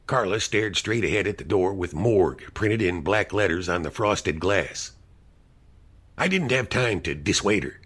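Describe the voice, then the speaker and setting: A man narrating a mystery story in the first person, in a dry, measured storytelling manner. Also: low-pitched, fairly bright tone, husky. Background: music.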